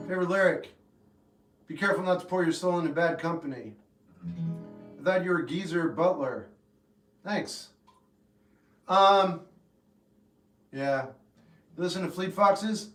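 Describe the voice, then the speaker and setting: A man with a slightly high voice chats casually, answering questions in flat, clipped replies. His voice rings in an echoey room while faint guitar music plays behind him. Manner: deadpan, laconic short answers. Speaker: livestream host answering chat. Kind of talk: casual chat.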